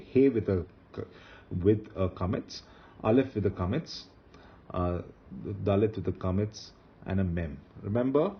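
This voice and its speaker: A man teaching a screen-recorded lesson, explaining patiently, with fillers and restarts. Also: fairly low pitch. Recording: slightly muffled, faint background hiss.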